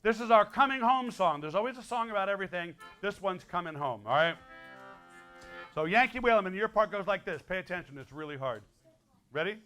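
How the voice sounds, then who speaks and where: Bright, high-voiced man in his sixties. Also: lively intonation, faint music behind. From Connecticut. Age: 60s. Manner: playful, teasing, quick asides. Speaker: folk musician and guest performer. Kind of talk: joking stage patter to a school audience. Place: school hall, live audience.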